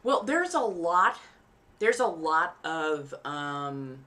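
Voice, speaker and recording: A woman's voice: sits low, big pitch swings, very slow, sharp tone. A woman hosting a live stream in casual chat, rambling easily and enunciating carefully around costume fangs. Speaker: livestream host.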